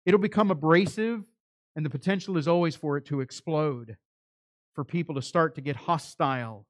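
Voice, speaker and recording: A man preaching a sermon, acting out the voices of the people he quotes, with his loudness rising and falling for emphasis. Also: fairly high pitch, normal speed, no echo, studio quality. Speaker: pastor.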